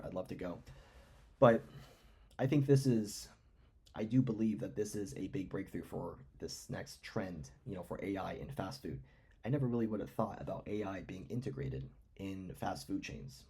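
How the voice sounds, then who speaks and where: A man's voice: sits low, creaky, warm tone, husky. A man giving casual, rambling stock commentary, musing aloud with lots of fillers. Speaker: finance commentator.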